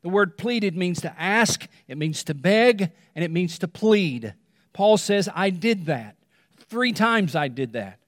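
A male pastor preaching a sermon, repeating phrases for emphasis and dropping to a hush on key words. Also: sits high, animated, no echo, studio quality, in a large hall. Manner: dramatic pauses, repetition, drops to a hush on key words.

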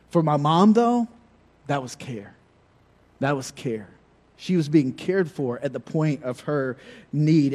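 A middle-aged man preaches in a relaxed, conversational way, mixing personal stories and humor. His voice sits a little higher than most men's, with a warm, mellow tone. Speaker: pastor. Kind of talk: sermon.

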